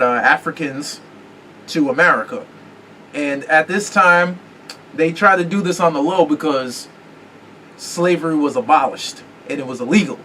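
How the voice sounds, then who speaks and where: A man hosting a podcast in loose, casual chat. He swears freely and keeps pausing to hunt for words. His voice sits a little high and sounds set back from the mic, with a faint hiss behind it. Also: fairly bright tone. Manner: rambling, profane, searches for words. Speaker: podcast host. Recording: distant mic with faint room noise.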